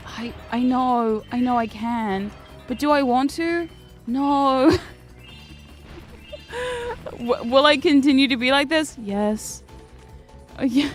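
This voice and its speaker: A woman's voice: sits high, fairly bright tone. A woman, chatting casually as a streamer while gaming, swearing freely and laughing often.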